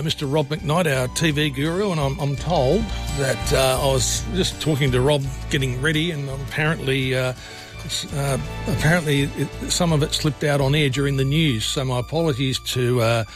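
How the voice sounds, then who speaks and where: An Australian man hosting late-night radio talk in a studio, chatty and rambling, with many filler sounds as he goes. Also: medium pitch. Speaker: radio host. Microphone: studio microphone.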